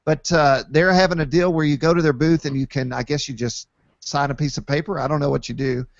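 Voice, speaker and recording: A man's voice: on the high side, steady tone, fairly quick, no echo. A man hosting a casual chat, joking and rambling with lots of fillers. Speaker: podcast host. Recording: dull lo-fi dry recording.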